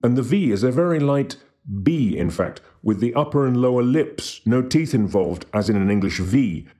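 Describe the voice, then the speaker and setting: A man giving a scripted language lesson who slowly and carefully demonstrates how to pronounce each word. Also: medium pitch, animated, dark tone. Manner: slow, careful demonstration of pronunciation. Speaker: language teacher.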